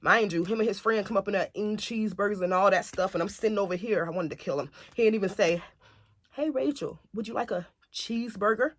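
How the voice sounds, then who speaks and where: A woman telling a family story to camera in a casual, animated way, acting out what others said. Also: mid-range voice, fast, hardly any pauses, no room sound. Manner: chatty, animated retelling that acts out other people's lines.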